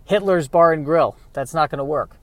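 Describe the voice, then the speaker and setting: Higher-voiced man rambling to himself. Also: normal speed, no echo. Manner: digressive, self-mocking, talks to himself. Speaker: vlogger. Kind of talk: rambling comic monologue.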